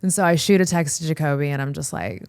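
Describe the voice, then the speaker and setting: Woman podcast host, lowish voice, excitable casual storytelling. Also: quick pace, clean tone. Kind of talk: casual chat.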